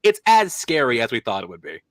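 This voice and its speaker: A young man with a bright, ringing voice chats about football as the host. He rambles through his points with frequent fillers and restarts, recorded close and dry. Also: medium pitch, wildly swooping pitch, fast talker, no room sound. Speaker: podcast host. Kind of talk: casual sports chat.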